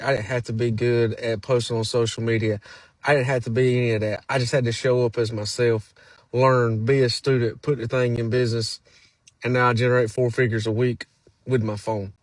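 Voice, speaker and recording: A man talks straight to his phone in a folksy, persuasive way. The sound is dry and close, with a mid-pitched voice. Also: no room sound. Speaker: online marketer. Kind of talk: casual selfie vlog pitch.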